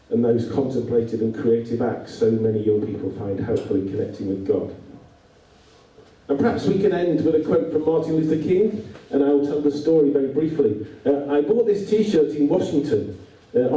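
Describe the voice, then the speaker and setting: A man's voice: medium pitch, distant mic. Dry-witted man in an echoey hall. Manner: dry, wry delivery with deadpan irony. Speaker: speaker addressing youth workers. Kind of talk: humorous talk to an audience.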